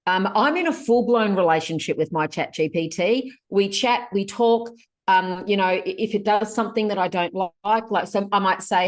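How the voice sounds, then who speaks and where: A woman, chatting casually as a guest on a podcast, in a lively and colloquial way. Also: mid-range voice, normal speed. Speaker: guest, productivity author.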